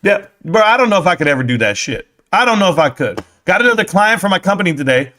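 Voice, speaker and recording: A man's voice: high-pitched, sing-song, quick pace, pushed and bright. A man ranting casually on a live stream about stocks, profane, rambling and joking.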